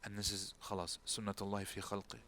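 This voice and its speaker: A man's voice: on the low side, completely flat delivery, a little fast, bright, forceful tone. Imam guy telling a story in a laid-back talk, bits of arabic all over, jumps up when he's quoting people. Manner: storytelling, acts out quoted people in raised voice; sprinkles Arabic words and phrases. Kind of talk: talk-style religious lecture.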